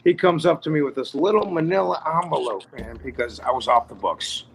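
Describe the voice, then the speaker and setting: Gravelly-voiced man in his late forties, a podcast guest telling stories with loose, salty talk. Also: on the high side, animated, fairly quick, slight background noise. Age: 40s. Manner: laid-back, profane, says "man" a lot. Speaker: podcast guest, bass player. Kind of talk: casual chat storytelling.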